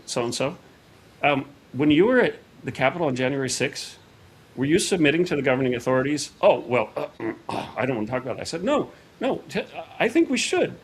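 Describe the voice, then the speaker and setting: Man, middle-aged, casual storytelling, quoting people, faint hiss behind. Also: mid-range voice. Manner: animated retelling with quoted dialogue. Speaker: podcast guest.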